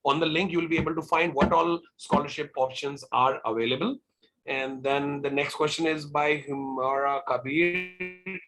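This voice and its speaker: A man's voice: fairly high pitch, fairly even intonation, moderate pace, a bit bright, poor audio. Man, college representative, video call, explanatory, filler-heavy. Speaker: college representative answering questions. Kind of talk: webinar Q&A.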